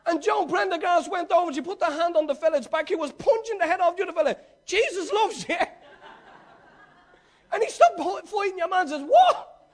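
Male preacher, very high voice, chatty and slangy, loud bursts and hushed earnest stretches. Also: fast talker, few pauses. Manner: swings between loud, excited storytelling and hushed, earnest preaching; conversational with local slang. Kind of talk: sermon.

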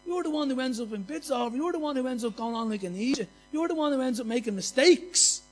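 Male preacher, very high voice, passionate and repetitive, folksy anecdotes from the pulpit. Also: animated, fast, soft background music. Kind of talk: sermon.

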